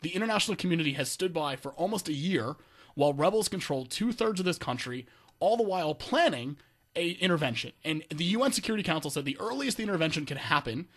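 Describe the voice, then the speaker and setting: A young man riffs through the news with a sarcastic, joking edge. His delivery is quick, and his voice sits a bit high and swings up and down constantly. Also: lively intonation, fairly bright tone. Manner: sarcastic, jokey asides with mock voices. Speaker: co-host. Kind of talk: comedic news chat.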